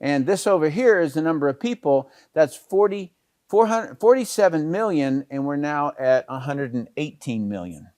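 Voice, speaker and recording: A man's voice: a little high, expressive, normal speed, darkish tone, no room sound, clean studio sound. A middle-aged man giving a casual network marketing talk, storytelling with many fillers and restarts.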